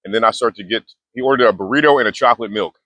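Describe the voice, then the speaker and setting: A man's voice: lowish voice, racing, pushed and bright, no room sound. A young man telling a story in casual, slangy talk, with frequent restarts and fillers, as a mindfulness vlogger. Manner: laid-back slangy talk with many restarts.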